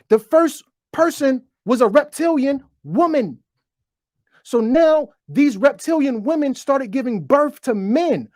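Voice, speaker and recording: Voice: high voice, expressive, slow pace, darkish tone, dry recording, studio quality. A host giving a profane, preachy monologue to viewers, stuttering as they go, talking into a desk microphone. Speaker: online show host. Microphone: desk microphone, bumped while talking.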